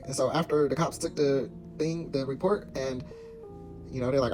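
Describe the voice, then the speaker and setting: A man's voice: mid-range voice, moderate pace. A young man telling a story from his own life in a casual, slangy, rambling way, full of asides. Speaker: storyteller vlogger. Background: faint guitar music.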